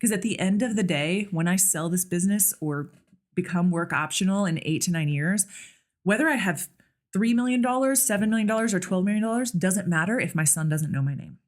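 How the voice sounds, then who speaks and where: In a laid-back interview chat on a podcast, a nurse practitioner and clinic owner from the United States speaks frankly, full of fillers. She sounds fairly low, animated and a little fast.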